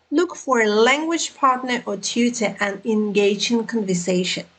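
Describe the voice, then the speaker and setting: Slow, careful woman teaching pronunciation. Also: mid-range voice, husky, low-quality recording. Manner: repeats words slowly and carefully for learners. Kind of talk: slow, deliberate pronunciation lesson.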